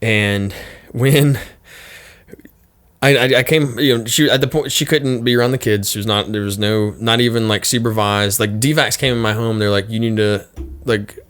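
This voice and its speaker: A man telling a story as a podcast guest, in casual chat. He swears a lot, rambles with fillers and restarts, and his pitch jumps up when he quotes his own angry words. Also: steady tone, normal speed, a bit bright, clean tone. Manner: profane, rambling retelling with many fillers and restarts; pitch jumps high when quoting himself in anger.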